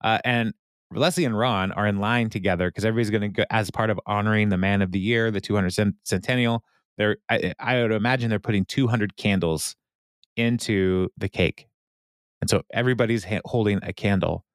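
Low-voiced man in casual podcast chat. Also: brisk, no room sound, studio quality. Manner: loose and rambling, full of fillers and laughs. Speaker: podcast co-host recapping a TV episode.

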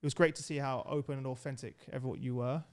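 A young man hosting a casual podcast chat in an office, excitable and quick to laugh, often restarting his sentences. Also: mid-range voice. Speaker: podcast host. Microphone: podcast microphone in an office.

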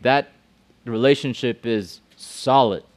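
This is a youth sermon from a middle-aged pastor who speaks slowly in an ordinary mid-pitched voice. Conversational and loose, he keeps questioning the room, repeats words, and starts his sentences over.

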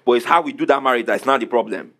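A man's voice: medium pitch, rapid-fire, fairly bright tone. A man preaching a sermon, repeating questions to the congregation and answering them emphatically. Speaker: pastor.

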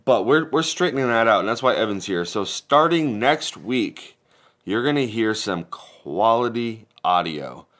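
Laid-back low-voiced male podcast co-host. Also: animated, measured pace, fairly bright tone. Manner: laid-back, rambling, casual swearing. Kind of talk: casual podcast chat.

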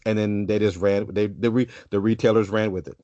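Guy on a podcast rambling a story, lowish voice, dull dry lo-fi sound. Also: level tone, fairly quick, mellow, no echo. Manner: rambling storyteller with many restarts. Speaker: podcast co-host. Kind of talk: casual podcast chat.

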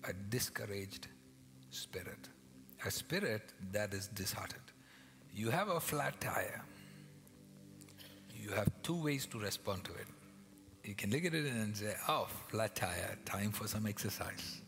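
A male pastor preaching a sermon, swinging between loud acted-out quotes and hushed whispers. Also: on the low side, expressive, unhurried, creaky, slight background noise. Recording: long hall reverb with music behind.

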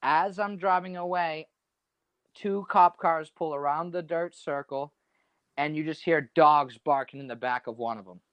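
A young adult man casually telling a wild story, animated and slangy, saying "dude" a lot. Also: a little high, a little slow, no echo, dull audio.

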